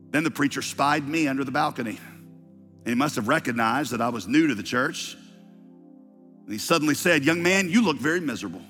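A man's voice: mid-range voice, bright, forceful tone. A male preacher tells a story from the pulpit, his mid-range voice rising with fervor as he reads. The sound carries a long hall reverb with faint music behind it. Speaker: pastor. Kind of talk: sermon.

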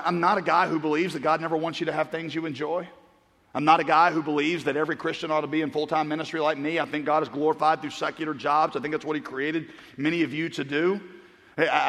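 A middle-aged pastor preaching a sermon, mixing stories with earnest appeals, moving between loud punchlines and hushed asides. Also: male voice, fairly high pitch. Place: large church auditorium. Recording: long hall reverb.

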